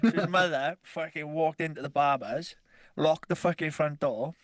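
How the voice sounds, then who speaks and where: A man's voice: on the high side, moderate pace, a bit bright, no room sound, studio quality. A man telling a rambling story on a casual podcast, swearing freely and laughing as he goes. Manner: rambling, swears constantly, laughs through stories. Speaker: podcast co-host.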